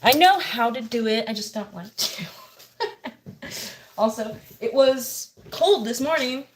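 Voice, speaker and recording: A woman's voice: on the high side, expressive, takes it slowly. An American woman chatting casually on a live stream from an outdoor cat enclosure, laughing easily and talking to her viewers. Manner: chatty, laughs often, baby-talks to her cats.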